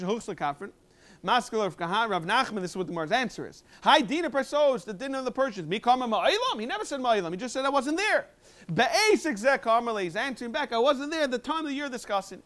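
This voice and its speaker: High-voiced man giving a quick Talmud class. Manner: quick, animated explaining with sudden emphatic jumps. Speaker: rabbi teaching a Talmud review class. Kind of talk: Talmud lecture, English mixed with Hebrew and Aramaic terms.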